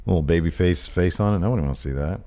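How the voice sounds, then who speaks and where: A man's voice: deep voice, rapid-fire, warm tone. A man co-hosting a wrestling podcast, chatting casually and joking around. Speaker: podcast co-host.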